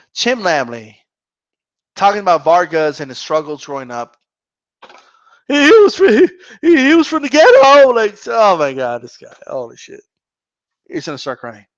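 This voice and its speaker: A man's voice: on the high side, highs cut off. A man hosting a live boxing talk stream, ranting with profanity and mocking mimicry. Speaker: boxing channel host. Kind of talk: live Q&A rant.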